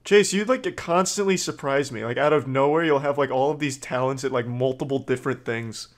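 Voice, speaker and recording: A man's voice: medium pitch, fairly quick. A man hosting a casual comedy chat, teasing his guest with dry jokes. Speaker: host reacting to clips. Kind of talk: casual banter.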